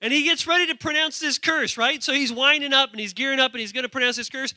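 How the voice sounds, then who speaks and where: A man preaching a sermon, an animated, joking storyteller. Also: extremely high pitch, quick pace, dry recording, clean studio sound. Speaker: pastor.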